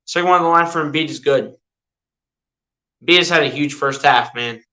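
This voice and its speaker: Man, fan play-by-play streamer, chatty, excitable, fairly high voice, bright and forceful. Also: brisk. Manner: chatty and excitable, often says "dude". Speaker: streamer doing live play-by-play. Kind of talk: casual fan play-by-play commentary.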